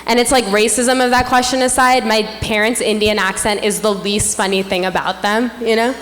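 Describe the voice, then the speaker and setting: A woman's voice: medium pitch, normal speed. A young woman in her twenties emceeing a gala with a playful, self-mocking stand-up comedy set on a stage mic. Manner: animated punchline delivery, playful and self-mocking. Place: stage at a large gala hall. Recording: echoey hall, faint room ambience.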